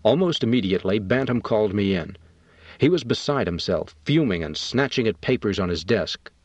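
A man narrating an audiobook in a measured, matter-of-fact way. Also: on the low side, expressive, no room sound. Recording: dull, dry recording.

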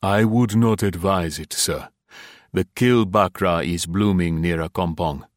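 A man voicing a calm, courteous male island cab driver who speaks quietly and evenly, in a low voice. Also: measured pace, dry recording, studio quality.

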